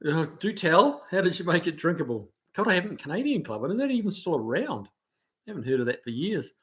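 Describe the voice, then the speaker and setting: A New Zealand man hosting a casual livestream, easygoing and chatty, often laughing and pausing on fillers as he reads out viewer comments. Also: fairly high pitch. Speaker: livestream host. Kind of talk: casual live chat, reading out viewer comments.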